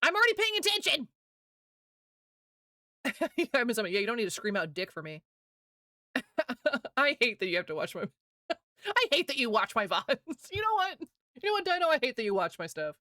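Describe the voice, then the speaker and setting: A woman in her thirties streaming, chatting casually with viewers, giggling often and talking quickly. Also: fairly high pitch, big pitch swings, pushed and bright, no room sound, clean studio sound.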